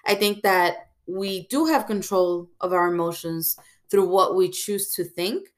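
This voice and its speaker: A woman hosting a podcast, giving casual advice in a reflective way, often pausing on "um" and checking in with "right?". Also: on the low side. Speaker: podcast host.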